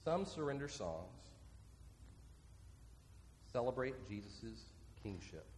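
A man preaching a sermon as pastor, earnest and repeating his key points slowly so listeners can write them down. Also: medium pitch, sing-song, darkish tone, a little hiss or hum. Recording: long reverb from a large hall.

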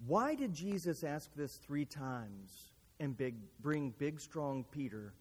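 A man's voice: a little high, lively intonation, takes it slowly, a little mellow, breathy edge, in a large hall. A man preaching a sermon, retelling a scripture story earnestly and pressing his listeners with rhetorical questions.

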